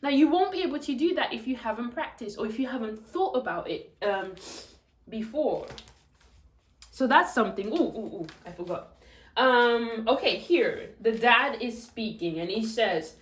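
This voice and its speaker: A woman's voice: on the high side, lively intonation, normal speed, echoey room. A woman teacher giving chatty, demonstrative tips on telling stories to children. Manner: chatty, demonstrative, switches into character voices. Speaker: English teacher.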